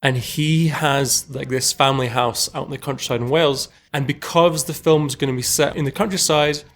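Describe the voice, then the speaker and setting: A young man from Norway talks about his film as an interview guest, in a casual, rambling way. He leans on "like" a lot and laughs at himself. His voice sits at an ordinary middle pitch. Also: fairly even intonation, normal speed, fairly bright tone. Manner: rambling, heavy use of "like", chatty and self-deprecating.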